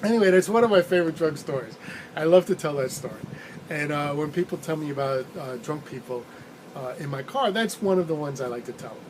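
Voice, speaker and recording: A man's voice: a little high, expressive, fairly quick, background noise. A male rideshare driver casually telling a rambling story, chuckling now and then as he goes. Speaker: rideshare driver and channel host.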